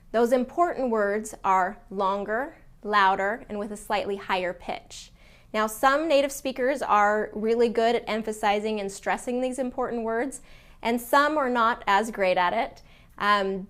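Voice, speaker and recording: A woman teaching English to learners in a casual video lesson, explaining clearly with some fillers and restarts. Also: mid-range voice.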